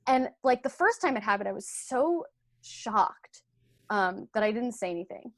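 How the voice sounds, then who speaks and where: A woman's voice: moderate pace, dry recording, clean studio sound. A young woman, a podcast guest, frankly telling a personal story and laughing as she goes. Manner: frank, laughs through the telling, animated swings in pitch and volume. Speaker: podcast guest, intimacy coordinator.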